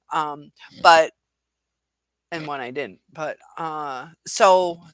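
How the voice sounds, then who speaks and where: A woman's voice: on the low side, a bit bright, dry recording. A woman hosting a casual live-stream chat, reading viewer comments and answering in a rambling way with many fillers and quoted asides.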